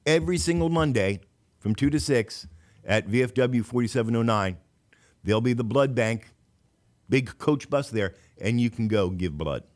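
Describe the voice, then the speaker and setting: A man's voice: mid-range voice, animated, moderate pace, darkish tone. A man hosting a casual radio talk show, chatty and given to restarts.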